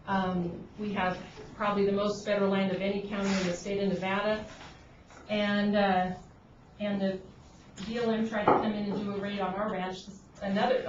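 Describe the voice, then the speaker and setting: A woman on an agriculture board giving earnest, pointed, unscripted remarks at a public meeting, with frequent restarts. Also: medium pitch. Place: conference room at a government meeting. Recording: dull, noisy, roomy audio from a distant room mic.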